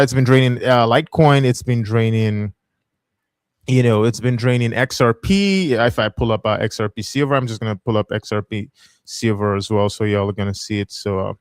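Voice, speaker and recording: A man's voice: medium pitch, no echo, clean studio sound. A man hosting a casual livestream and talking over market charts, chatty, laughing easily and reading viewer comments aloud. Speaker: livestream host.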